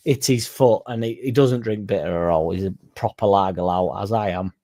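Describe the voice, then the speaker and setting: A man's voice: fairly low pitch, normal speed, dark tone. A young man with a Yorkshire accent, chatting casually as a fan channel host, swearing and joking like one of the lads. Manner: sweary, laddish and jokey. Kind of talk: casual chat.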